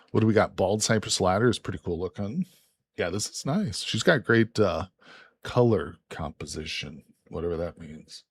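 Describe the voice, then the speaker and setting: A relaxed man streaming a survival game, chatting to his viewers with easy jokes and a slightly husky, lowish voice. He talks in a loose, unhurried way. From Illinois, USA. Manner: laid-back, joking asides. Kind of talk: casual live-stream commentary.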